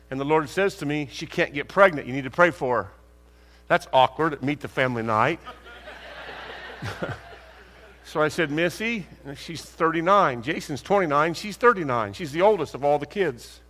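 A man preaching a sermon, telling stories and acting out conversations, asking rhetorical questions with lively emphasis. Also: a little high, moderate pace. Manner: animated, acts out dialogue, rhetorical questions. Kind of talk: sermon with storytelling. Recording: long hall reverb.

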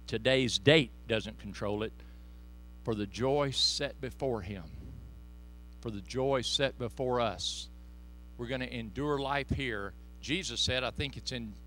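Male pastor, bright edgy tone, fervent sermon with quiet folksy asides, faint hiss underneath. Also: medium pitch. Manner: impassioned, swinging from loud exhortation to hushed asides; folksy and joking with the congregation. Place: church.

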